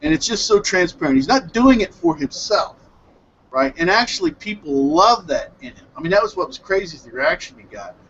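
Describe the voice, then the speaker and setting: A man hosting an online hangout, excitedly recapping an anime episode in a rambling, self-correcting way over a headset mic on a video call. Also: sits high, brisk, dull audio, a little hiss or hum. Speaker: hangout host reviewing anime. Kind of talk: casual group hangout chat.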